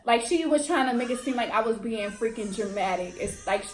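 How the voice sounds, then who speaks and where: Young woman, dramatic storytime, highish voice, echoey room. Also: fairly quick, soft background music. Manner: animated and dramatic, acts out what people said. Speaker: vlogger. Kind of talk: storytime vlog.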